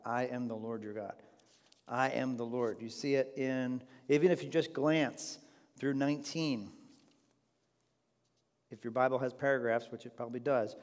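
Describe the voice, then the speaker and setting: A man's voice: medium pitch, long reverb tail. A man leading an informal Bible study class, talking conversationally and putting questions to the group.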